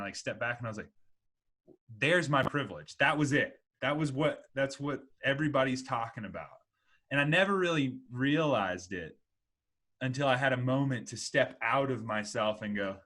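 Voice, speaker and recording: A man's voice: lowish voice, fairly bright tone. A man in his twenties co-hosting a podcast, talking earnestly and reflectively in casual conversation with lots of filler words. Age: 20s. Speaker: podcast co-host.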